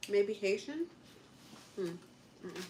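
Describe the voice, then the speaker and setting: Young woman, casual livestream host, chatty and quick to laugh, faint background noise. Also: mid-range voice, expressive, a little mellow. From United States. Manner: chatty, laughs often, answers viewer comments.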